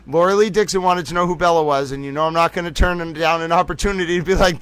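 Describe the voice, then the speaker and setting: Man, livestream host, playful rambling chat, slightly high voice, dry close sound. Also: fairly even intonation, quick pace, hardly any pauses, a bit bright, clean tone, no room sound, poor audio. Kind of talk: casual chat reading viewer comments.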